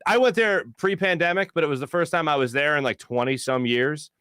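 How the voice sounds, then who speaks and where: A man's voice: a little high, fairly quick, bright, forceful tone, clean tone, no echo, studio quality. A man hosting a sports talk show, chatting casually and telling joking stories. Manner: joking storyteller.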